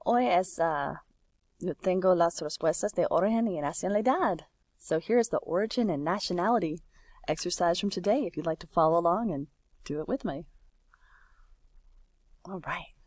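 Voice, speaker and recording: A woman's voice: on the low side, moderate pace, long pauses, a little mellow, no echo, studio quality. A woman, a teacher walking learners through a language exercise and stretching out words as she explains. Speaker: Spanish teacher. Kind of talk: screen-recorded lesson walkthrough.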